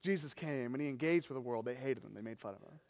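A man preaching a sermon as pastor, animated and full of rhetorical questions. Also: medium pitch, quick pace, long reverb tail.

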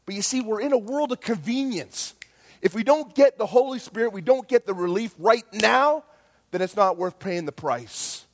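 Impassioned high-voiced male preacher. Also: lively intonation, moderate pace. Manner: impassioned, swings from hushed to loud. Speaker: pastor. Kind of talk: sermon.

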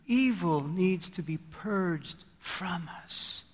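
A man's voice: high-pitched, lively intonation, very slow, in a large hall. A male pastor preaching a sermon in an earnest, conversational way, often asking his listeners rhetorical questions.

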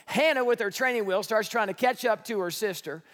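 A middle-aged man preaching a sermon as a pastor, telling a family story in an animated way. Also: high voice, brisk. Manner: storytelling, animated, shouts in retellings. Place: church sanctuary. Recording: echoey church hall.

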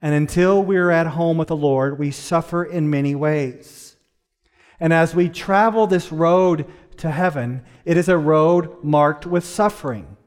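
A middle-aged male pastor delivering a sermon in an earnest way. His voice sits a little high for a man, and he slows right down to stress his key points. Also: smooth. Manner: earnest, varies pace, slows down for emphasis.

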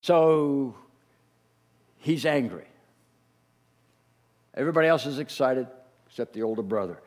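A middle-aged man preaching a sermon as a pastor, telling the story in an animated way and acting out the voices he quotes. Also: medium pitch, measured pace. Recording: long reverb of a large hall.

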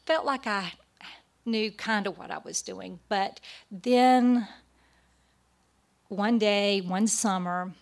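A woman's voice: mid-range voice, slow, long pauses. Woman telling a church testimony. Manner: storytelling with hesitant fillers. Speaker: speaker at a church gathering. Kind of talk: personal testimony talk.

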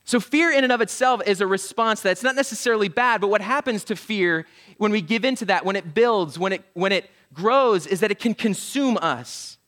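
Male pastor, sermon, high voice, bright tone, animated storytelling, jokey asides. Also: normal speed. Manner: humorous, self-deprecating asides.

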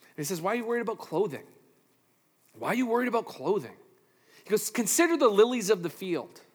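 A man preaching a sermon as a pastor, animated and playful, swinging from loud to hushed with self-deprecating asides. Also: high-pitched, fairly quick, slightly rough. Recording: reverberant hall.

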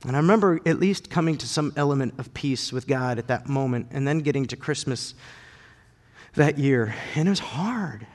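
A man in his thirties preaching a sermon and telling personal stories, lively and animated, his voice rising and getting loud when excited. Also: medium pitch, a little fast, long reverb tail. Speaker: pastor.

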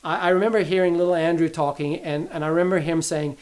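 A man's voice: a little high, steady tone, fast talker, a little mellow. A middle-aged man giving an earnest, sermon-style Bible teaching, repeating key phrases for emphasis as he tells a family story.

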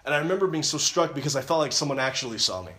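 A man's voice: mid-range voice, lively intonation, very fast, sharp tone. A man giving an earnest personal testimony at a camp, retelling his story with many restarts and repeated phrases. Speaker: camp speaker. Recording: roomy echo.

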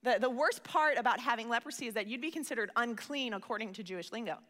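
A woman preaches in a high, bright voice that carries through a reverberant hall. She talks earnestly and conversationally, often doubling words as she begins a thought. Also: fast talker. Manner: earnest, conversational, repeats words when starting phrases. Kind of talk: sermon.

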